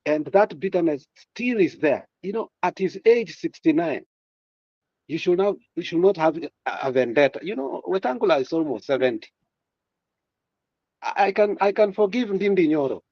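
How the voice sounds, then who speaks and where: A man's voice: sits high, lively intonation, moderate pace, darkish tone, no echo, muffled recording. A man giving political commentary in a passionate way, repeating words and using many fillers. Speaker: guest commentator.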